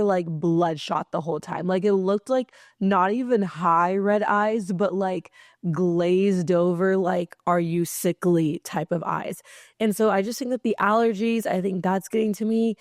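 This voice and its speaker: Hoarse, chatty woman podcast host. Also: lowish voice, darkish tone, dry recording, clean studio sound. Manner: chatty, rambling, swears casually. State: losing her voice, hoarse. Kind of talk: casual solo podcast chat.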